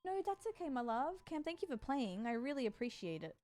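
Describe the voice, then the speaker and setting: A woman's voice: on the high side, lively intonation, a little slow, mellow, faint music behind. A tired woman streamer chatting casually with her live chat and cooing to her cat between remarks.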